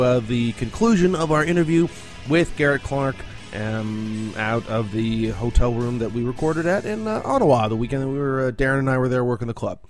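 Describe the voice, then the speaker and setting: Halting man hosting over faint music. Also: mid-range voice. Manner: halting, self-correcting, filler-heavy. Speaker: podcast host. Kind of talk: hosting links between segments.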